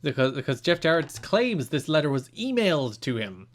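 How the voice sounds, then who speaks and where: A man's voice: a little high, big pitch swings, normal speed. A man co-hosting a podcast, explaining at length in a casual, opinionated way with frequent restarts. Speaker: podcast co-host.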